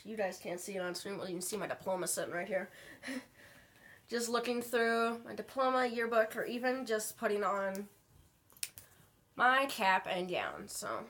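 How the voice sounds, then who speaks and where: A young woman talking to her camera in her bedroom, telling an emotional story slowly and haltingly while fighting back tears. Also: mid-range voice, fairly bright tone. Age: young adult. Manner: halting, slow, many pauses and fillers. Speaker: vlogger.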